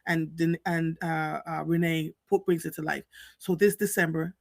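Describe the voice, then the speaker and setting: A woman hosting a live show, telling stories in an animated, chatty way with many restarts. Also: sits low, normal speed, vocal fry, dry recording. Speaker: host. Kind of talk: casual storytelling chat.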